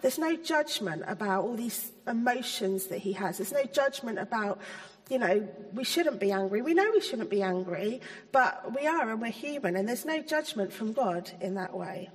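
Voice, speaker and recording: A woman's voice: fairly high pitch, animated, moderate pace. Woman giving a chatty sermon. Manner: chatty, hesitant, many ums. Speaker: church speaker. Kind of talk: informal sermon. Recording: long hall reverb.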